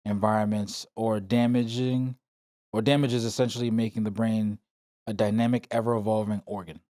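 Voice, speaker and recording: A man's voice: lowish voice, flat delivery, moderate pace, warm tone, no echo, clean studio sound. A young man co-hosting a casual podcast, laughing easily and reading definitions aloud. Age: young adult. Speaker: podcast co-host.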